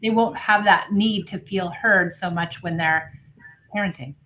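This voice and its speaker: A woman's voice: fairly low pitch, measured pace, a bit bright, a little hiss or hum, poor audio. Agreeable woman podcast host. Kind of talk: casual podcast conversation.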